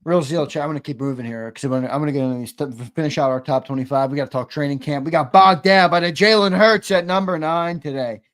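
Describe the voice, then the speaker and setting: Man, sports talk host, brisk, reads viewer chats, a bit high-pitched. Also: fairly bright tone. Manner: brisk, keeps the show moving.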